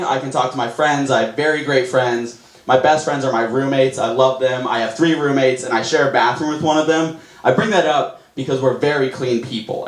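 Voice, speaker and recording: Young male stand-up, slightly high voice, self-mocking and excitable; live echoey club recording. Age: young adult. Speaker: stand-up comedian. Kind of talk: stand-up routine. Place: comedy club stage. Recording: echoey live room, audience noise. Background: audience laughter.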